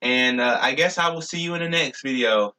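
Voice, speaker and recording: A man's voice: medium pitch, brisk, pushed and bright. A young man talking casually in a rambling vlog, stumbling and restarting often with many fillers. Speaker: YouTuber.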